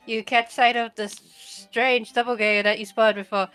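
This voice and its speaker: Woman game master, bright tone, somewhat high voice, playful narration. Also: level tone, normal speed, smooth, faint music behind. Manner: playful narration, laughing between lines. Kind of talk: narrating a tabletop game on stream.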